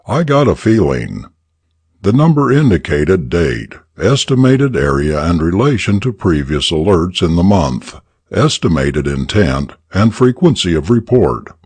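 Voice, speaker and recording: A man narrating a story for English learners in an expressive, deliberate reading. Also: low-pitched, breathy edge, no echo.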